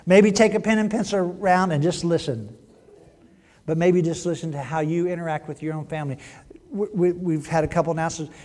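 A man preaching a sermon in a church, joking and teasing, then dropping to a hushed voice. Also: on the high side, brisk. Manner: playful, teasing, swings from loud to hushed. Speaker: pastor. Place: church sanctuary.

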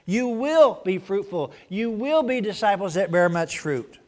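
A male pastor giving a conversational sermon, shifting between animated stretches and hushed asides. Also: sits high, measured pace.

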